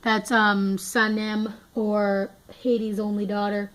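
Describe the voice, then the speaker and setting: A woman's voice: medium pitch, flat delivery, slow pace, slight background noise, low-quality recording. A woman giving a casual, rambling tour of her toy collection, often scattered and poking fun at herself. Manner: rambling, self-mocking, scattered, chatty. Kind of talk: casual chat.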